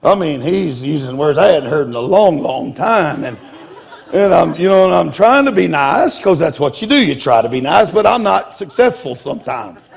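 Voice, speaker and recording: A man's voice: on the high side, very animated, moderate pace, gravelly. A man preaching in a humorous storytelling style, blunt and self-mocking, often laughing as he talks. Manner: blunt, confrontational delivery.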